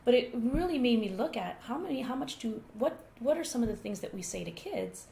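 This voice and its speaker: A woman talks through an interview with animated storytelling, her voice middle in pitch. The room is echoey, with a faint hiss of noise underneath. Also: a little fast, creaky. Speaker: guest author. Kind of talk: conversational interview.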